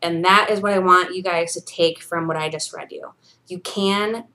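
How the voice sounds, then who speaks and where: A woman's voice: lowish voice, steady tone, moderate pace, pushed and bright. Earnest woman sharing her story. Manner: earnest and encouraging, with many fillers. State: briefly emotional, near tears. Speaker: vlogger. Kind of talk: personal video diary, reading from a journal.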